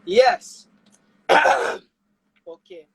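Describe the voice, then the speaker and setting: A woman chatting as a guest on a live stream, joking and animated. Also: extremely slow, no room sound, low-quality recording. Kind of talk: casual chat.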